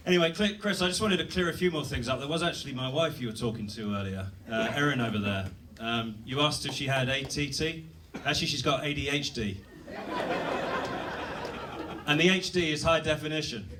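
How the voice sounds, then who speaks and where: A man's voice: mid-range voice, brisk, recorded from a distance, background noise. A British man doing a self-deprecating stand-up set on a comedy club stage, rambling with fillers and restarts. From Britain.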